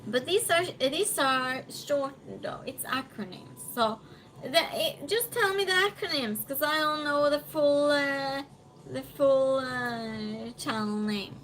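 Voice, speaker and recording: High bright-voiced woman trivia host. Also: slow, a little hiss or hum. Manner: reads questions aloud, chats with viewers, sometimes loud. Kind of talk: casual live-stream trivia hosting.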